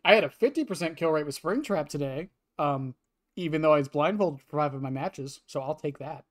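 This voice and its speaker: A man's voice: a little high, lively intonation, a little fast. A young man streaming a game, rambling casually to his chat with lots of fillers and laughs. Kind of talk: casual gameplay commentary to chat.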